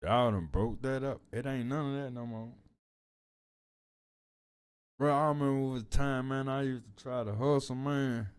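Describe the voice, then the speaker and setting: A man giving casual reaction commentary in a slow, drawling way, full of street slang and frequent "man". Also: medium pitch, smooth.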